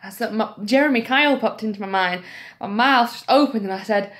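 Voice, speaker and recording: A woman's voice: on the high side, a little fast, fairly bright tone. A young woman vlogging, telling an anecdote in a chatty, self-deprecating way. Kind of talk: casual storytelling to camera.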